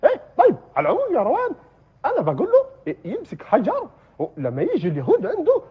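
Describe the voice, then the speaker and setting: A squeaky, bouncy costumed bee. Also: male voice, wildly swooping pitch, very fast, highs cut off, exaggerated voice. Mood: coaxing. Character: adult man in a bee costume, children's TV host. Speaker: children's TV show host talking to a child caller.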